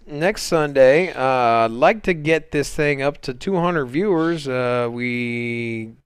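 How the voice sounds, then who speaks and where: A man's voice: a little high, fairly bright tone, clean tone, no echo. A man hosting a casual crypto livestream, rambling along with lots of fillers and restarts. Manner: rambling, laid-back, many fillers and restarts. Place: home, on a Sunday livestream.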